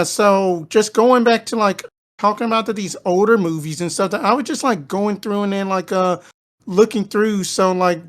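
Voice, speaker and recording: A co-host steering the chat with rambling, hesitant questions. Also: medium pitch. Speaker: discussion moderator. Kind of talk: casual chat.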